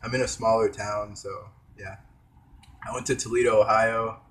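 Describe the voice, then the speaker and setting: A man's voice: fairly low pitch, little pitch movement, normal speed, a bit bright. A young man vlogging in a rambling, hesitant casual monologue, talking while eating with his mouth full. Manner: hesitant, trailing off, many fillers.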